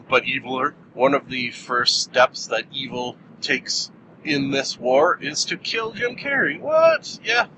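A man's voice: medium pitch, muffled recording, noisy background. A man giving a casual, rambling film review, joking and filling gaps with lots of "uh"s. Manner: rambling, jokey, many fillers. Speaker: movie reviewer host.

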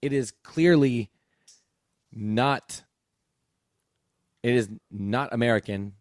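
A man in his thirties tells stories on a casual podcast, his voice sitting at a middle pitch. He gets animated and leaps up when quoting others. The sound is dry and close. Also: takes it slowly, no room sound. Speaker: podcast co-host. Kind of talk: casual chat.

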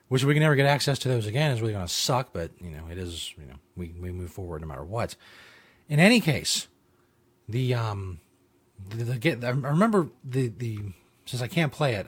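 A man's voice: fairly low pitch, slightly rough. A man hosting his own talk show, rambling casually with lots of fillers, restarts and swearing. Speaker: show host. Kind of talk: casual podcast monologue.

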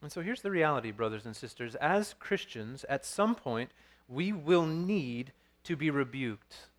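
A man's voice: mid-range voice, animated, measured pace. A man in his thirties preaching a sermon as pastor, earnest and storytelling, with frequent restarts.

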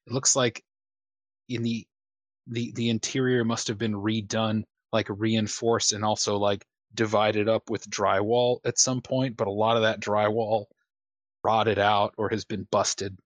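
A man narrating as game master of a tabletop game, unhurried, with many fillers and casual swearing. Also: fairly low pitch, flat delivery, dry recording.

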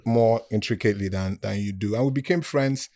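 Nigerian man, animated storyteller, does the voices of people in his tales. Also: fairly low pitch, fairly quick. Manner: animated, acts out quoted voices, laughs often. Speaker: guest storyteller. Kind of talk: casual storytelling chat.

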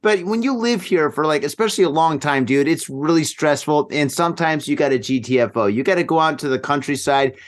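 A man's voice: a little high, fairly quick, few pauses. A man co-hosting a casual podcast, talking in a laid-back, profane way with plenty of "dude" and "man.". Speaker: podcast co-host. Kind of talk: casual news banter.

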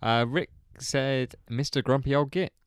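Smooth-voiced man hosting a podcast. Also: medium pitch, steady tone, measured pace, dry recording, clean studio sound. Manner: laid-back, chuckling, reads out listener answers with many ums. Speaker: podcast host. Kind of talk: casual chat.

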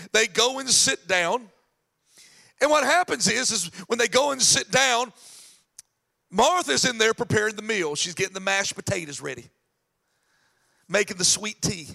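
A man preaching a sermon as pastor, animated, acting out the voices of people in the scripture story. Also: sits high, normal speed, gravelly, pauses often.

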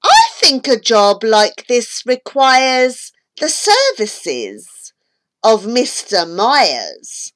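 A woman's voice: a little high, huge pitch swings, very slow, fairly bright tone, full character voice. A woman voicing a level-headed, plain-spoken mother in a storybook poem. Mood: matter-of-fact. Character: calm, blunt, no-nonsense mother.

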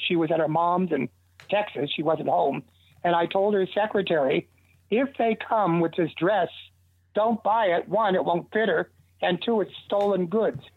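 Over a thin, dry phone connection, an older male guest rambles through animated anecdotes, restarting now and then. His voice is high-pitched and husky, and the recording is dry.

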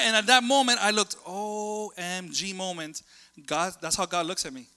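A man preaching a sermon in a chatty, animated way, telling family stories and jumping between thoughts. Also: high voice, moderate pace, in a large hall.

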